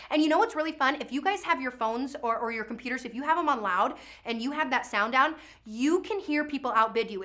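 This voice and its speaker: A woman with a high, bright, sharp voice hosts a charity auction from a studio. She talks fast and chatty, cheering on bidders by name and pushing the next bid. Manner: energetic, chatty, calls out bidders' names. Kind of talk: live virtual auction calling.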